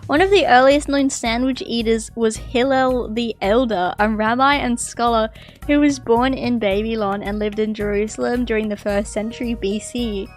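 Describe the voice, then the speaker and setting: A woman streamer reading an article aloud, breaking off to chat and react with loud, excitable outbursts. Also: on the high side. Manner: excitable, bursts into loud apologies and exclamations.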